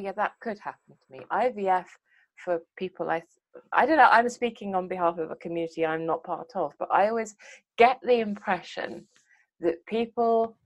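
A woman co-hosting a podcast, speaking in a thoughtful, measured way as she reflects aloud. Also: on the low side, darkish tone. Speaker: podcast co-host. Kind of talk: podcast discussion.

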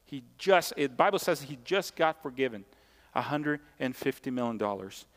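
Emphatic pastor preaching in a reverberant hall. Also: male voice, medium pitch, lively intonation, moderate pace. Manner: emphatic, repeats key points; conversational asides to the congregation. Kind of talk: sermon.

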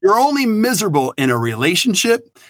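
A middle-aged man, a business consultant guest on a podcast interview, talking in an energetic, emphatic and blunt way. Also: high-pitched, a little fast, no room sound, clean studio sound.

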